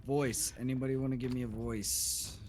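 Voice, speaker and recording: A man's voice: medium pitch, flat delivery, normal speed, background noise. A man co-hosting a podcast, chatting casually in a laid-back way. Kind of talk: casual chat.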